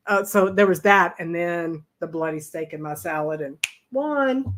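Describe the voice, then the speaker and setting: A middle-aged woman co-hosting a travel live stream, telling stories in a lively, animated way and acting out the people she quotes. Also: moderate pace. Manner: animated, acts out quoted voices with big pitch jumps. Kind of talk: casual storytelling chat.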